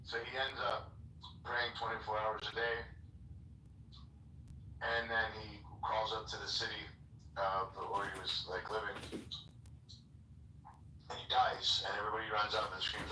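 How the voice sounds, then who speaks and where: A man's voice: fairly low pitch, level tone, normal speed, pauses often, sharp tone. A man telling a rambling story in casual chat on a podcast, full of "like" and "you know". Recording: roomy, distant mic with faint noise.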